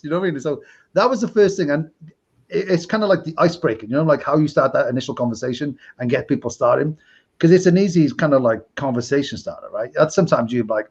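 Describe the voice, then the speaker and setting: A middle-aged man from Wales with a Welsh accent, a podcast host chatting casually and telling lively stories. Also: a little high, quick pace, slightly rough, muffled recording. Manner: animated storyteller, acts out quoted people. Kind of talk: casual chat.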